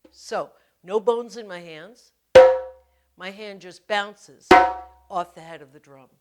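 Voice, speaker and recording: A woman teaching hand drumming technique in an instructional video, explaining each step gently and patiently. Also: fairly low pitch, slow, over loud music.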